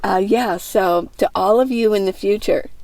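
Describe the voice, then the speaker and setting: A woman's voice: medium pitch, moderate pace, no echo. A woman in her sixties rambling through a casual reflective monologue as a van life vlogger, with many fillers and restarts. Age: 60s. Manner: rambling, warm-hearted, many fillers and restarts, laughs often. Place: inside a minivan.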